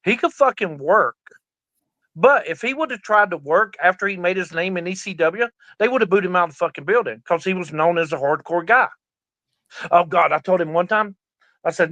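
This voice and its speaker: A middle-aged man spins rowdy, profane stories as an interview guest. His voice sits a bit high and sounds bright and forceful. The recording is dry and close, and he acts out every voice he quotes. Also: expressive, a little fast, no room sound. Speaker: guest, veteran pro wrestler. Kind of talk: casual storytelling interview.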